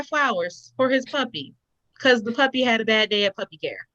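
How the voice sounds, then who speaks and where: Bright-voiced woman chatting animatedly. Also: fairly high pitch, normal speed, no room sound, lo-fi sound. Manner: animated, expressive storytelling. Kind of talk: casual chat.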